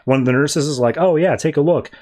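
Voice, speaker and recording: Male podcast host, slightly higher voice, rambling casual comic recap. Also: fast talker, darkish tone. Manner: rambling, voices characters loosely in quotes.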